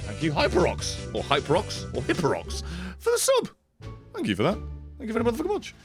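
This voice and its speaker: A man chats loosely at the end of a stream. He swears constantly and gets riled up easily, and his slightly high voice swings wildly up and down. Faint music plays behind him. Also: fast talker. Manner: profane, excitable, rambling. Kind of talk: casual stream sign-off chat.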